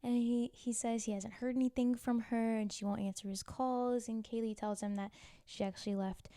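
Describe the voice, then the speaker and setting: A woman's voice: a little high, fairly even intonation, moderate pace, warm tone, smooth, no room sound, studio quality. A woman recapping a TV drama in a casual, gossipy way, laughing often and filling her talk with "like" and side comments. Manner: gossipy, giggly, full of "like" and asides. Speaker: TV recap vlogger.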